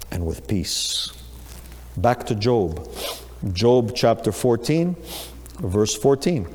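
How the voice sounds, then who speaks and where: Preacher man in an echoing hall. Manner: dramatic, rises high and loud on acted quotes. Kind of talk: sermon. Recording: long reverb of a large hall.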